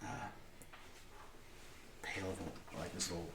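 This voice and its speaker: Deep-voiced man narrating a tabletop game. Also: steady tone, recorded from a distance. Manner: hushed, halting, lots of fillers. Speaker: game master. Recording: echoey room with background noise.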